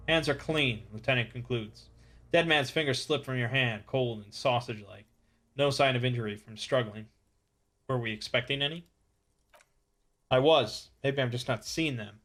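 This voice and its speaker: Male let's player, dry deadpan reader of game dialogue, soft music under. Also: mid-range voice, moderate pace. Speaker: let's play narrator. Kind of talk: reading game text aloud.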